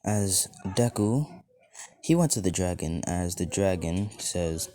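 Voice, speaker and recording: A man's voice: sits low, expressive, slow, dark tone, slight background noise. A man casually narrating an improvised fan story, rambling and adding off-the-cuff asides.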